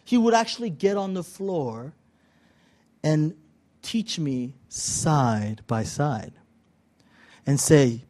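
A middle-aged male pastor tells a sermon story in loose, chatty speech, full of "uh"s and "like"s. His voice sits a touch higher than most men's. He pokes fun at himself as he goes. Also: very animated, a little slow, a little mellow. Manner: casual, self-deprecating storytelling with many fillers.

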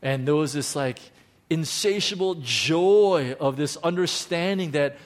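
A pastor preaching a heartfelt testimony sermon, stumbling and restarting, swinging from hushed confession to exclaiming joy. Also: male voice, fairly high pitch. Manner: emotional, halting, many restarts, swings between hushed and exclaiming.

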